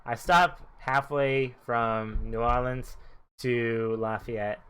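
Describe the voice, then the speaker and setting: A man's voice: medium pitch, fairly even intonation, slow pace, fairly bright tone, clear, resonant tone. A man co-hosting a podcast, teasing his co-host and rambling through casual anecdotes. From Texas and Michigan. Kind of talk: casual chat.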